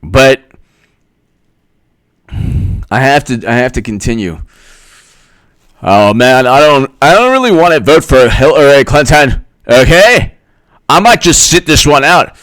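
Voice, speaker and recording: A man's voice: mid-range voice, lively intonation, a little slow, pauses often, a bit bright, no echo, studio quality. A man giving sarcastic, rambling political commentary with comic skits. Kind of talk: casual comedic commentary with skits.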